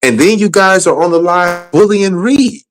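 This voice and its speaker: A man's voice: sits high, normal speed, rough recording. A man hosting a livestream talk show, talking in a heated, accusing way and repeating himself. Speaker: show host.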